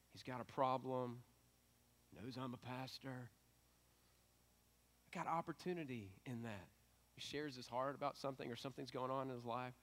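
A middle-aged male pastor giving a sermon in a conversational, animated way that builds to emphatic peaks. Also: medium pitch.

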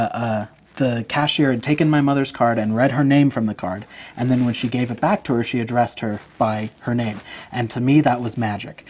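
A man's voice: mid-range voice, darkish tone, slightly rough. A man in his twenties, a podcast guest, earnestly telling a personal story.

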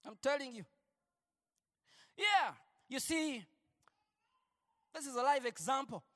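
High-pitched guy preaching slow and fired up, swings soft to shouting, big hall echo. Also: animated. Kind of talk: sermon.

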